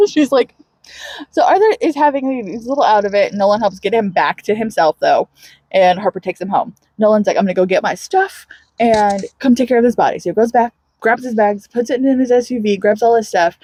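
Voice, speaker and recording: Animated, husky-voiced woman recapping a book. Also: mid-range voice, no echo. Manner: animated storytelling with frequent laughter and acted-out quotes. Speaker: podcast co-host. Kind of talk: casual book recap chat.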